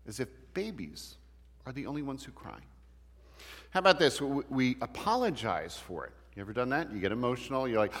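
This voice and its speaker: A man's voice: medium pitch, very animated, fairly quick, a bit bright. A man teaching a church Bible class in a conversational way, asking the class questions as he goes. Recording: long hall reverb.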